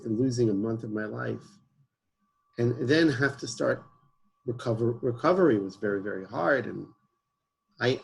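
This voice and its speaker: A man's voice: mid-range voice, gravelly, breathy edge, low-quality recording. A man, guest in an interview, earnestly telling a personal story and mixing in Hebrew words. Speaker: guest, emergency service founder.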